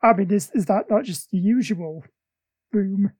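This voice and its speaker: A man hosts a casual podcast, trading playful jokes and quick asides. His voice is husky, and the sound is close and dry. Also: sits high, a little mellow, dry recording. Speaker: podcast host.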